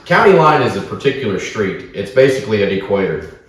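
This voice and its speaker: A man from Oklahoma, co-hosting a podcast and telling a story in a casual, animated, profane way. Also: fairly low pitch, fairly quick. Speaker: podcast co-host. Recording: echoey room, mic at a distance.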